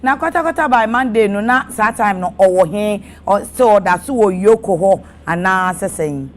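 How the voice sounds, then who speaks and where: A woman's voice: mid-range voice, lively intonation, moderate pace. Ghanaian woman hosting a radio talk show. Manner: brief prompting questions and acknowledgements. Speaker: radio host.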